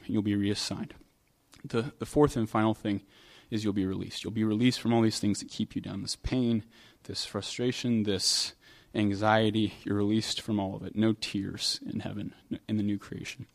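A man preaching a sermon, from New York, telling stories in a relaxed, conversational way with pauses and restarts. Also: on the low side. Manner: conversational storytelling with hesitations. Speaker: pastor.

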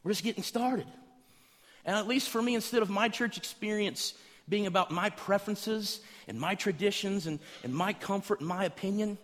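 High-voiced preacher in an echoey hall. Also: male voice, normal speed. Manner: animated storytelling, acts out voices in anecdotes. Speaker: pastor. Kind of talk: sermon. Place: large church hall.

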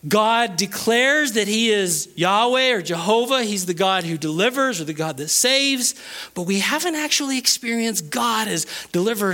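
A man preaching a sermon, emphatic, slowing right down on key phrases and dropping low for quick asides. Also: a bit bright. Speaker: pastor.

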